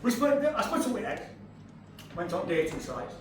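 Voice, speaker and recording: A man's voice: high voice, sing-song, moderate pace, noisy background. A man in his fifties with a Yorkshire accent doing a brash, sweary stand-up set on a comedy club stage. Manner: brash, sweary, crowd-teasing storytelling. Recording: echoey club, far from the mic, audience laughter.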